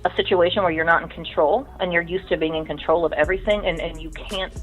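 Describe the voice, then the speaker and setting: A woman's voice: fairly low pitch, fairly even intonation, quick pace, poor audio. A middle-aged woman telling stories from her music career in casual, profane talk, mimicking the people in them. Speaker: guest musician. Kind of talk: casual storytelling.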